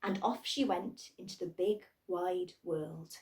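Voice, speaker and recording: A woman reading a children's storybook aloud in a playful, expressive way. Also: on the low side, slow, far from the mic.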